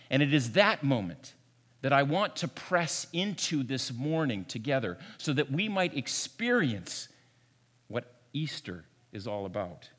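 Male pastor preaching easter, voice bounces all over, on the higher side, big echoey church. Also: slightly rough. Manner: expressive, swings from hushed to emphatic, repeats words. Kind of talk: Easter sermon. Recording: long reverb of a large room.

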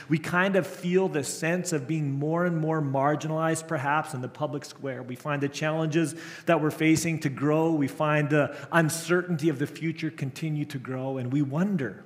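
A middle-aged man, a camp director, preaching with earnest storytelling and frequent restarts. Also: a little high. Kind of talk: sermon. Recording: long hall reverb.

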